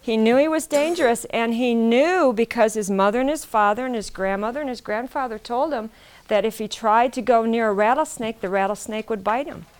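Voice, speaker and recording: A woman's voice: fairly high pitch, a little fast, smooth. A woman telling a traditional story aloud, repeating phrases and asking her listeners questions. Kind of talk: oral storytelling to a live audience.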